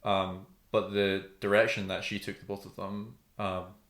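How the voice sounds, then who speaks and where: Man, podcast co-host, casual chat, thinking aloud, deep voice. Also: flat delivery, a little slow, creaky, a bit bright. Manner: thinking aloud, lots of ums and likes. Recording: roomy echo.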